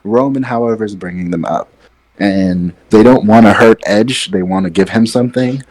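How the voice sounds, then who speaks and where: A man co-hosting a casual wrestling podcast, relaxed and opinionated, sitting some way back from his microphone. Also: fairly low pitch, moderate pace, poor audio. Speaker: podcast co-host. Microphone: sitting far from his mic.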